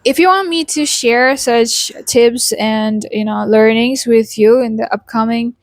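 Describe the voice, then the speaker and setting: A woman's voice: a little high, unhurried, dry recording, clean studio sound. A young woman from India with an Indian English accent leaning American, chatting casually in an accent tutorial with tag questions and fillers. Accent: Indian English shaped toward American. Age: young adult. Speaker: YouTuber teaching accent.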